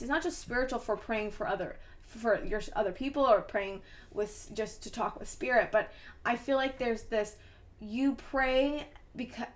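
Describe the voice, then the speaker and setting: A woman giving a casual tarot reading to camera, effusive and encouraging, rambling and restarting her sentences. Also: a little high. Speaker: tarot reader.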